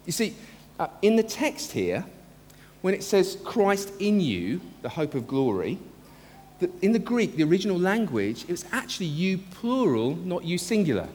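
In his sermon, a pastor speaks earnestly and emphatically in a sing-song, slightly mellow voice, high for a man and ranging widely in pitch. Key phrases get a slower, weightier delivery. Long church reverb and a faint hum of room ambience fill the space.

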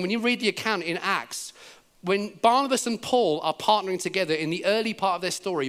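A man with an English accent preaching a sermon in a church, telling stories in an animated way and acting out the words of the people in them. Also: on the high side. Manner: animated storytelling, acting out quoted speech. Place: church service.

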